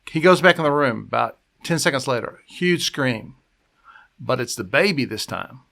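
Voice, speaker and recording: A man's voice: mid-range voice, lively intonation, moderate pace, vocal fry, fairly bright tone. A man, a pastor, talking casually in a conversation, rambling with restarts and acting out quotes. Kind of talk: casual conversational podcast talk.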